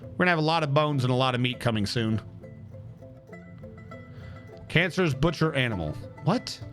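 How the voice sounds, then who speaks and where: Man, streamer, casual gameplay talk, self-muttering, animated pitch, faint music behind. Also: moderate pace. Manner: talks to himself while playing, muttering and humming.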